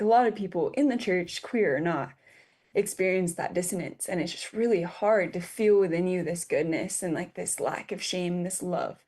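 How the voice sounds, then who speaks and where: A woman in her twenties, a podcast guest, telling a personal story in a halting, emotional way with many fillers and restarts, near tears. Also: lowish voice, a little mellow. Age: 20s.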